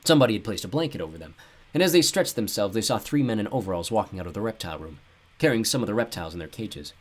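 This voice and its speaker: Lively expressive male audiobook narrator. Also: lowish voice, very fast. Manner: expressive storytelling, wry asides. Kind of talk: scripted narration.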